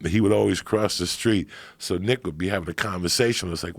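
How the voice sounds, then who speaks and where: Gravelly, deep-voiced man telling stories. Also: fast talker, no echo. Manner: profane, animated storyteller. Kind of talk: casual storytelling chat.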